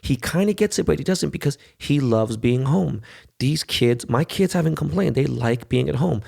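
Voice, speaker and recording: A man's voice: medium pitch, lively intonation, moderate pace, creaky, a little mellow. A man, hosting a podcast and telling a loose, profane, talkative story in casual monologue. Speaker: podcast host.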